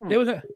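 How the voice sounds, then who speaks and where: A man's voice: a little mellow, no room sound, studio quality. A man hosting a casual chat show over a video call, rambling, swearing and laughing at his own jokes. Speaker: host.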